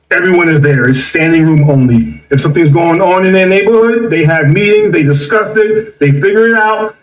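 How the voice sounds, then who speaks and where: A man's voice: a little high, echoey room, distant mic, poor audio. A man delivering an emphatic, opinionated monologue, listing his points one after another. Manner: emphatic, repetitive, lists points.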